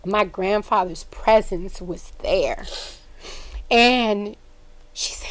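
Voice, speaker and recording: A woman with a young son, co-hosting a podcast and telling an emotional personal story in casual chat, her voice climbing high when she gets excited. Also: drawn-out words, pauses often. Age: adult with a young son. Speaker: podcast co-host.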